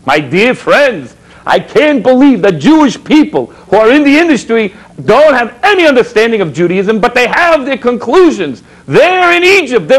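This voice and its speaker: A man's voice: sits high, low-quality recording. A man, a rabbi hosting a public access TV show, preaching with rhetorical questions and telling stories to his viewers. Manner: exhorting, rhetorical questions, storytelling asides. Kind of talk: animated preaching talk with anecdotes.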